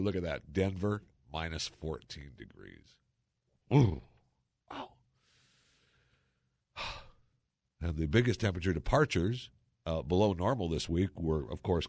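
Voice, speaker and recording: A man's voice: low voice, darkish tone, dry recording, clean studio sound. A man hosting a casual talk monologue, chatty and sarcastic, full of exclamations and asides. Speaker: talk show host.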